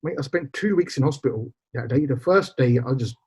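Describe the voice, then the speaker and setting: A little fast and animated, with a mid-range, slightly mellow, breathy voice, a man in his forties shares a personal story on a podcast as a guest. He acts out what people said and slips in Punjabi phrases; the lo-fi recording sounds somewhat dull.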